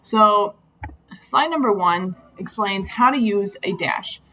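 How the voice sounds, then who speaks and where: A woman's voice: medium pitch, animated, slow, bright, forceful tone, low-quality recording. A woman teacher talking through grammar slides in a patient, explanatory way, with frequent ums. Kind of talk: recorded slide lesson.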